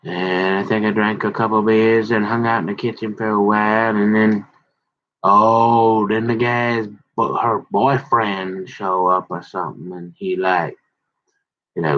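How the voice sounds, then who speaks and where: A man's voice: fairly low pitch, a little slow. A middle-aged man telling rambling stories from his school days in casual chat, acting out the voices of the people he quotes. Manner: rambling, quoting others in animated voices. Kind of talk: casual storytelling about high school memories. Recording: dull lo-fi recording.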